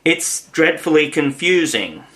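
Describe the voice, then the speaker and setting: Man doing a curious little girl, a bit higher, earnest, slow. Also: expressive, sharp tone. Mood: puzzled. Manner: earnest, questioning. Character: polite puzzled young girl. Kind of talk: audiobook reading.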